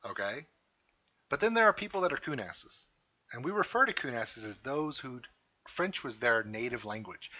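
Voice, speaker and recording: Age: adult. Sex: man. From: Louisiana. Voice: forceful, lively. Style: emphatic reaction commentary. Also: mid-range voice, husky, muffled recording. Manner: emphatic, asks rhetorical questions. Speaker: reaction video host. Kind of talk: casual commentary.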